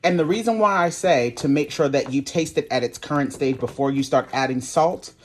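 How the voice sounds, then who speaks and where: A cooking channel host with a slightly high voice and a brisk pace guides viewers through a recipe in a casual home video. He's chatty and sassy, calling his audience "y'all" and "honey."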